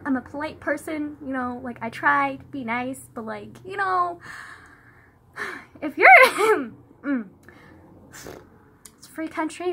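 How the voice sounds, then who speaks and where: A young woman telling a story on her phone, animated and sweary, sighing and laughing and saying "like" all the time. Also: normal speed. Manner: animated, says "like" constantly, sighs and laughs; swears freely, swings from loud outbursts to low mutters. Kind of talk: casual storytime vlog.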